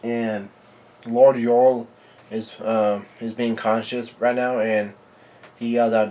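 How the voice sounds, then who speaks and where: Halting man reading aloud live. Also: medium pitch, flat delivery, dark tone. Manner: halting, with frequent fillers and restarts. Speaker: channel host reading and reacting to a comic chapter.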